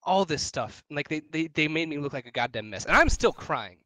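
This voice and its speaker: Young man, casual podcast storyteller, swears a lot, slightly high voice with a dry sound. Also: brisk, dry recording. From Wisconsin. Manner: profane, animated storytelling. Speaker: podcast co-host.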